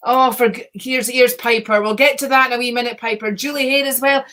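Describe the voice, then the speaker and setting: A woman's voice: a little high, fairly even intonation, a little fast, fairly bright tone. Chatty woman hosting a livestream. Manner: chatty, greets viewers by name, laughs often. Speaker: livestream host and psychic reader. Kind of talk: casual livestream chat.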